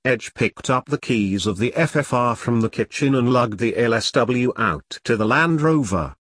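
Brief: husky male narrator, expressive lively pitch, dry close sound. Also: moderate pace, no room sound. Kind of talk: audiobook narration.

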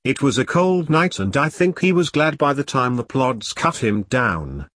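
A man's voice: mid-range voice, big pitch swings, unhurried, a bit bright, no echo, clean studio sound. A man voicing a fierce, foul-mouthed woman in an audiobook, speaking bluntly and defiantly. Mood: matter-of-fact. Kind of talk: audiobook character reading.

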